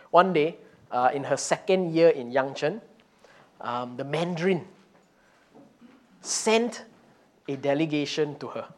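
A man's voice: a little high, lively intonation, takes it slowly, pauses often. A man preaching a conversational sermon and telling a story, with frequent "you know" fillers and restarts. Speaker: pastor.

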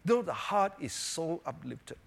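A male pastor delivering a sermon in a fairly high, very lively voice that leaps up for emphasis and drops low for asides. He keeps the congregation with him through constant tag questions and casual fillers. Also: unhurried, gravelly. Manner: animated, swings between emphatic highs and quiet low asides; frequent "you know" and "right?" tag questions.

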